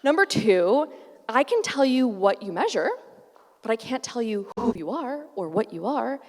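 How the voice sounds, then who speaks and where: A middle-aged woman giving a keynote talk at a conference, animated and acting out the voices she quotes. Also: fairly high pitch, moderate pace. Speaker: keynote speaker. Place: large conference hall. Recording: echoey hall, far from mic.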